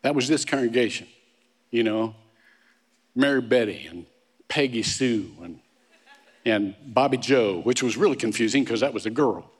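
A man's voice: mid-range voice, moderate pace, pauses often, husky. A man pastor preaching a sermon, telling stories in a conversational way with frequent restarts and humorous asides. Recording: long reverb of a large hall.

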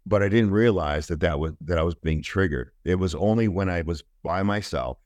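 Very deep-voiced earnest man. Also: a little mellow, dry recording. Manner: earnest, halting, with many restarts. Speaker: guest. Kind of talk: personal storytelling in conversation.

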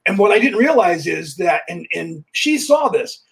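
A podcast host with a gravelly, slightly rough voice that sits high tells casual anecdotes at a moderate pace. He's animated and re-enacts the dialogue as he goes.

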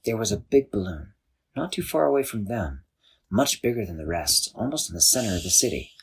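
A man narrating an improvised bedtime story in a loose, animated way, with restarts. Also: fairly low pitch, a little fast, slightly rough.

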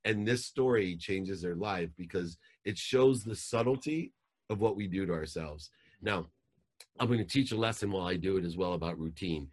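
Deep-voiced intense male life coach. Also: moderate pace, darkish tone. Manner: intense, emphatic, preachy. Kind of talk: motivational storytelling.

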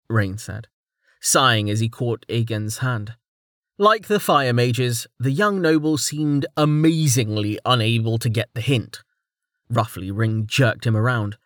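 A man narrating a fantasy webnovel as an audiobook with a steady storytelling delivery on a close mic. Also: medium pitch, no room sound. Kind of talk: scripted narration.

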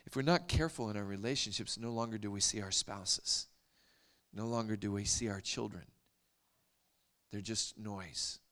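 A man preaching a storytelling sermon, animated and dropping to hushed whispers for emphasis. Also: fairly low pitch, normal speed.

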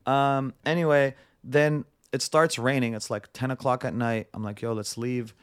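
A man's voice: mid-range voice, fairly even intonation, normal speed, smooth. A young adult man, a podcast guest, telling a story in a casual, rambling way. He acts out the dialogue with "I'm like" and scatters "like" through it.

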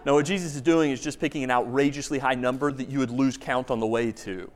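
A man's voice: medium pitch, steady tone, quick pace. A man preaching a sermon as pastor, telling a story with emphasis and asking rhetorical questions. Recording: long reverb of a large hall.

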